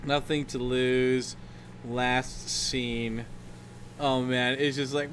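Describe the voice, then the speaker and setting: Talking extremely slowly in a level tone, a young streamer rambles about movies, swearing, laughing a lot, scatting, and imitating film lines. His mid-range voice is a bit bright, with slight background noise.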